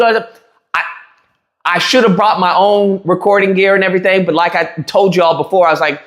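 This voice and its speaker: A man's voice: high-pitched, fairly even intonation, moderate pace. A man recapping an interview in a heated, mocking rant, laughing at his own jabs and restarting his sentences often. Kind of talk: animated ranting recap to camera. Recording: roomy echo.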